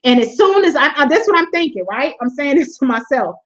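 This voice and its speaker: A woman hosting a webinar, giving a lively motivational faith talk, laughing often and repeating her points like a preacher. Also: high-pitched, fairly quick. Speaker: webinar host. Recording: dull lo-fi webinar audio.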